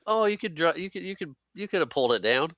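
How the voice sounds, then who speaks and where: A man's voice: fairly high pitch, lively intonation, fast talker, pushed and bright, no echo, studio quality. A man co-hosting a casual movie podcast, playful and teasing, laughing often. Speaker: podcast co-host. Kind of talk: casual chat.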